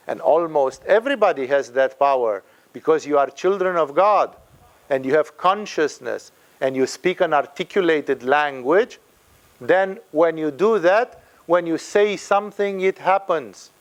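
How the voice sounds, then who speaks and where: A man giving a spiritual talk, emphatic and fond of acting out the people he quotes. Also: on the high side. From Romania. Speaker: spiritual teacher.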